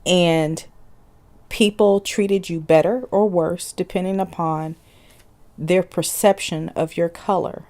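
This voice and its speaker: A woman telling about her own family in a measured, reflective way. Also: fairly low pitch, darkish tone. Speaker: interviewee. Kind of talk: personal storytelling.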